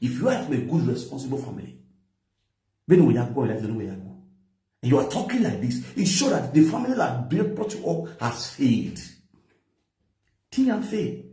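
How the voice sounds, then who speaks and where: A man's voice: fairly high pitch, dark tone, roomy sound. A man with a Nigerian accent, lecturing and scolding in a commentary, mixing pidgin with a local language. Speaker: social media commentator.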